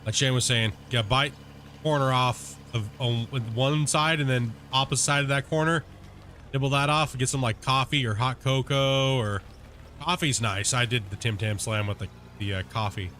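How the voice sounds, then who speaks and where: A man streaming a game, chatting casually with his viewers in a relaxed, rambling way full of fillers. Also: mid-range voice, normal speed, a little hiss or hum. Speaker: gaming streamer. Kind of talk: casual chat with live viewers while playing.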